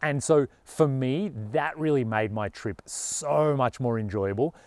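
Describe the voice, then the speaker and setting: A man's voice: medium pitch, unhurried, a little mellow, no room sound. A man with an Australian accent talking earnestly and casually to camera as a travel vlogger, with a lot of "you know".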